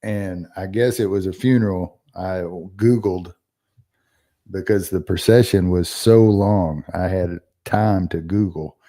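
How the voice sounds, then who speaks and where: A man's voice: low voice, measured pace, mellow. A man, co-hosting a podcast and telling long rambling stories in casual chat. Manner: rambling storyteller. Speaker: podcast co-host.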